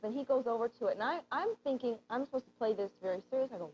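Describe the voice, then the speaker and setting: A woman co-host chats on air in a slightly high voice and tells a long story, acting out the lines people said. The sound is dull and lo-fi, like an old TV broadcast. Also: rapid-fire, a little mellow, slight background noise. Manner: chatty storyteller who acts out quoted lines. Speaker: shopping channel co-host. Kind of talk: casual on-air chat.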